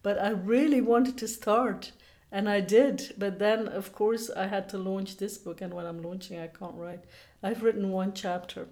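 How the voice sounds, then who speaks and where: A woman with a mellow, warm voice co-hosting a relaxed podcast. She talks in a chatty, easygoing way and laughs easily. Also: mid-range voice, moderate pace. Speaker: podcast co-host and author. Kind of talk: casual chat.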